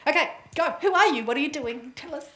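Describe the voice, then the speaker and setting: A woman coaching a room full of people in a live workshop, chatty and quick to laugh. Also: high voice. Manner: lively, chatty, laughs easily. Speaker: presentation coach. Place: room with an audience. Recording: echoey room.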